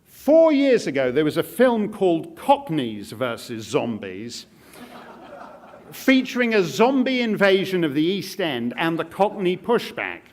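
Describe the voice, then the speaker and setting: A man speaking to a live audience in a wry, sardonic way, dropping jokey asides. His voice sits high for a man and rises and falls a great deal. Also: very animated, a little slow, a little hiss or hum.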